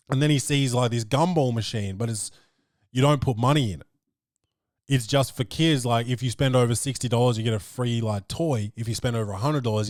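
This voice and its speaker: A man hosting a comedy podcast, telling a story with loud, animated energy and plenty of swearing. His pitch sits in an ordinary middle range. The sound is dry and close, with no room echo. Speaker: podcast host. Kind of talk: comic storytelling.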